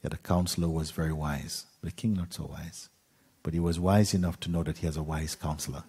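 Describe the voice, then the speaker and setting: A man gently telling a parable as a spiritual teacher, unhurried, with pauses and soft fillers. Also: rumbling low, fairly even intonation, breathy edge. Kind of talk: gentle spoken storytelling.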